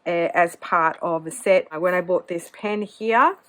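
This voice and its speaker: Chatty woman, slightly low voice. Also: unhurried, a bit bright, low-quality recording. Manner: chatty, hedging with many "kind of"s. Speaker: fountain pen vlogger. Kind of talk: cozy casual chat.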